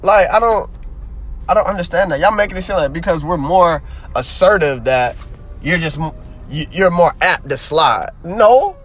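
A man's voice: on the high side, normal speed, fairly bright tone, soft background music. A young man hosting a casual solo podcast, rambling with slang fillers and repeating himself as he makes his point emphatically. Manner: grows heated and emphatic. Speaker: podcast host.

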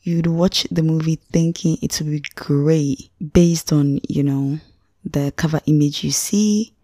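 Young woman podcaster, low mellow voice, dry close sound, chatty and slangy. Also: no room sound. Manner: chatty and slangy, addresses listener directly. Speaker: podcast host, film reviewer. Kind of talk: casual spoken movie review.

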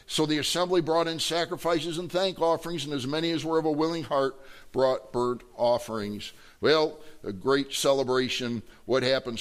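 A man, a pastor delivering a sermon in a folksy, animated way with lots of repetition. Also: medium pitch, normal speed.

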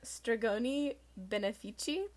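A woman's voice: fairly high pitch, a little slow. A young woman co-hosting a podcast, chatting casually about a book with exasperated, sarcastic comments. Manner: exasperated, sarcastic, laughs often. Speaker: podcast co-host. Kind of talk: casual book-discussion chat.

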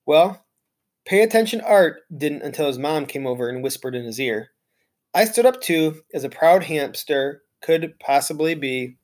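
Expressive children's storybook reader. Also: medium pitch, normal speed. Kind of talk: children's storybook read-aloud.

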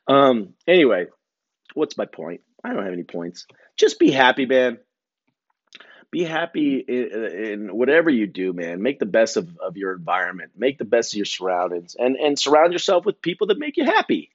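This man in his forties hosts a podcast in a medium-pitched voice full of big pitch swings, talking briskly on a dry recording with the highs cut off. He meanders through a profane, self-mocking, casual ramble.

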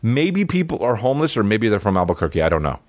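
Dude comedian rambling on his podcast, swears a lot, kinda low voice, dry studio mic. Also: very animated, quick pace, no echo. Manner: profane, loose and meandering, full of fillers. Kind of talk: rambling casual storytelling. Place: recording studio.

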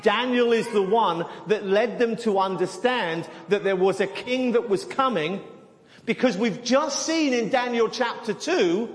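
A man's voice: high-pitched, unhurried. A man preaching a sermon, teaching animatedly and often repeating words as he goes. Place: church hall. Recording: long hall reverb.

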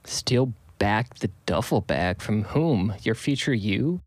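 A man voicing a soft-spoken, sarcastic young woman in a story he narrates. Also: on the low side, animated, takes it slowly, dry recording.

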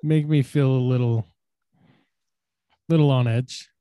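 Young male podcaster, loose and vulgar, dry close mic, acts out yelled lines. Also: medium pitch, fairly even intonation, measured pace, dry recording. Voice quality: loose and profane, acts out shouted quotes. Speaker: podcast co-host. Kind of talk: crude casual storytelling.

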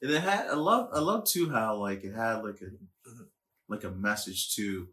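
Man, casual chat, lively pitch, bright voice, echoey room, laughs a lot. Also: moderate pace. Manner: animated, laughs often, swears.

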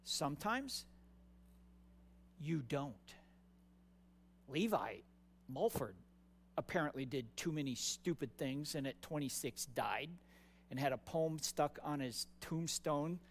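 A male pastor delivering a sermon in a notably high voice. He takes his time, speaking slowly and casually. He often doubles words for emphasis. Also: animated. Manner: conversational and emphatic, repeats words.

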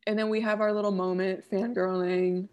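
A young woman co-hosting a casual chat, telling a story with lively acted-out quotes. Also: mid-range voice, normal speed, slight background noise. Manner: animated, acts out quoted voices. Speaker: podcast co-host.

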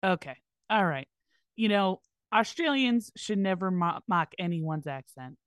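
A woman's voice: lowish voice, animated, measured pace, dry recording, clean studio sound. A woman co-hosting a podcast, in casual chat with joking, opinionated banter. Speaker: podcast co-host.

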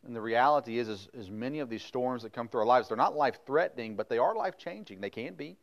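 Reading from old-fashioned scripture, this middle-aged preacher then unpacks it casually in a chatty, folksy manner, with plenty of fillers. He talks fast, in a mid-range voice with lively intonation.

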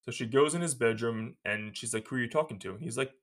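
A man co-hosting a podcast casually recaps a film's plot, laughing frequently along the way. He speaks fast in a mid-range, fairly bright voice.

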